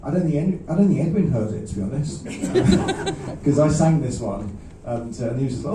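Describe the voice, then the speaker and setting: A man, a singer-songwriter chatting between songs at a live gig in a halting, self-deprecating way, with many restarts. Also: on the high side, very animated, crowd noise. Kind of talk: rambling between-song stage banter. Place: small live music venue. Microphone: stage vocal mic. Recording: roomy, distant audience recording.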